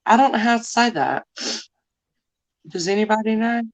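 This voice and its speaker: A woman's voice: fairly high pitch, lively intonation, moderate pace, rough recording. A middle-aged woman with a drawl hosts a loose live chat. She rambles, apologizes often and sounds emotional, the way someone talks when she wears her feelings openly. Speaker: live stream host.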